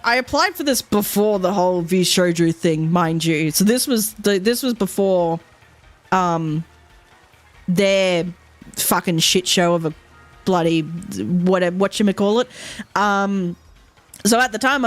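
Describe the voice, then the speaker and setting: A young Australian woman streaming, telling a story in animated casual chat, laughing often and swearing freely. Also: medium pitch.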